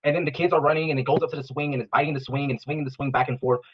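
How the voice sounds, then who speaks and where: A man's voice: fairly high pitch, fairly even intonation, very fast, a little hiss or hum. A father with an American accent telling a story about an incident at a park and acting out both sides of the conversation. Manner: storytelling, acts out the dialogue. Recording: dull, lo-fi clip.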